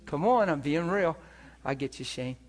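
A man's voice: fairly high pitch, normal speed. A man preaching a sermon, telling an earnest testimony to his church with emphatic rhetorical questions. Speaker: pastor.

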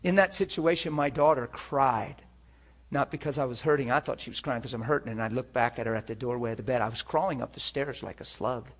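A man's voice: medium pitch, a little fast. A man preaching a sermon, telling an earnest testimony to his church with emphatic rhetorical questions. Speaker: pastor.

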